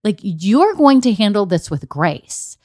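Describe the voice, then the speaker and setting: A woman's voice: mid-range voice, measured pace, no echo, studio quality. A young adult woman hosting a business podcast in an upbeat, emphatic way. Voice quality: bubbly, emphatic, animated. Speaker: podcast host.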